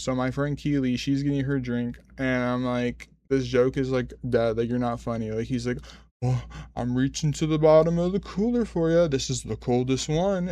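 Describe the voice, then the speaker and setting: A man's voice: medium pitch, darkish tone, dry recording. A twenty-five-year-old man streaming, telling a long story in casual chat, rambling, swearing and correcting himself as he goes. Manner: rambling, profane, self-correcting.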